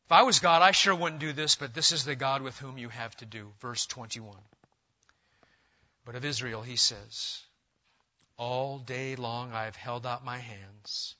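A man preaching an expository sermon as a pastor, swinging between loud urging and quiet intensity. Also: medium pitch, fairly even intonation, unhurried, highs cut off.

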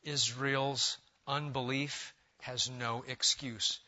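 A man preaching an expository sermon as a pastor, swinging between loud urging and quiet intensity. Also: medium pitch, little pitch movement, takes it slowly, highs cut off.

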